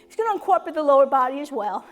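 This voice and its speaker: A woman fitness instructor leading a seated strength class, upbeat and encouraging, with loud whoops and a slightly winded voice. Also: high voice, very animated, rapid-fire. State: a little out of breath.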